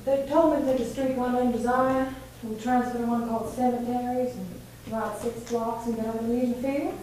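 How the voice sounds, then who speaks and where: A woman's voice: fairly high pitch, steady tone, fairly quick, mellow, a little hiss or hum, natural voice. An actress playing a faded, nervous Southern woman in a stage play, with a theatrical, fluttery delivery. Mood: weary, guarded. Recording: echoey stage from far off.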